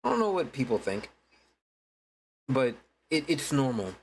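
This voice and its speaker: A man's voice: mid-range voice, sing-song, a little slow, a little hiss or hum, rough recording. A man chatting casually to his viewers during a game stream, laid-back and swearing freely. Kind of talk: casual gaming stream chat.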